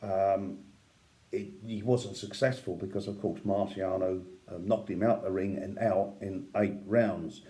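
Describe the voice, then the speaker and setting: Speaking a little slowly in a deep, dark, steady voice, a man tells boxing history casually. As a commentator he is admiring and opinionated, filling his talk with asides such as "yeah" and "right?".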